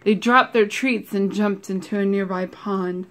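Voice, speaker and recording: A woman reading a children's picture book aloud, gentle and expressive with playful asides to young listeners. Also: mid-range voice, a little slow. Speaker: storybook reader.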